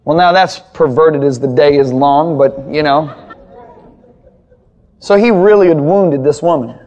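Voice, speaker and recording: Emphatic male preacher, higher voice. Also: unhurried, darkish tone, muffled recording. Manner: emphatic, repetitive storytelling. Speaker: pastor. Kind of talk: sermon-style Bible teaching.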